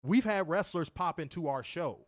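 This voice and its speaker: Guy on a wrestling stream, fairly high voice, dry close mic, snaps back at the chat. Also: moderate pace, dry recording. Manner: animated, talks back to chat comments. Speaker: wrestling show co-host. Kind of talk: casual live-stream commentary.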